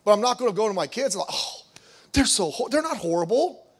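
Middle-aged male pastor, high voice, animated sermon delivery with acted-out quotes. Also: fast, slightly rough. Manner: animated, acts out quoted voices, reads scripture aloud.

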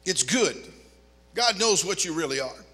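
Delivering a sermon at a slightly slow pace, an older pastor speaks in a high, sharp voice with a breathy edge, lively and full of jokes on the side. The church sanctuary gives his voice a long, ringing reverb.

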